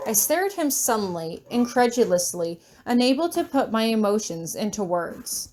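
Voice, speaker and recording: A woman reading a fan fiction story aloud in the first person, expressive in her delivery. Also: moderate pace, few pauses, slight background noise. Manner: expressive, shrill when shouting. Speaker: audiobook reader of fan fiction.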